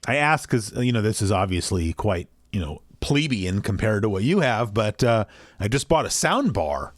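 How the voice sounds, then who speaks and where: A man with a fairly low voice co-hosts a casual podcast from a small basement at home. He rambles and pokes fun at himself. The sound is dry and close, with no room echo. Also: sing-song, normal speed. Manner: rambling, self-deprecating. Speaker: podcast co-host. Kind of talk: casual chat.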